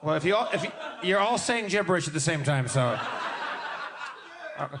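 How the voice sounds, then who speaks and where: A man's voice: a little high, animated, moderate pace. A man co-hosting a live comedy podcast on stage, stammering through restarts and cursing freely. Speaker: podcast co-host. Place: live stage before an audience. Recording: live show with audience noise.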